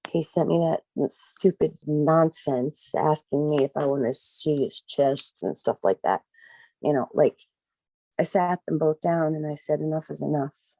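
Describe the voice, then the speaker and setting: A woman's voice: deep voice, vocal fry, warm tone, no room sound, rough recording. A middle-aged woman recalling events as a guest, rambling and leaning on "like" and "you know". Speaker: guest, mother of a missing daughter. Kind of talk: emotional personal recollection.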